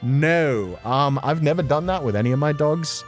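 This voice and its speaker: A man chatting casually on a livestream, playful and quick to laugh, answering questions from chat. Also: fairly high pitch, animated, soft background music. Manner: chatty and playful, laughing often between thoughts. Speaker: streamer. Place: at home.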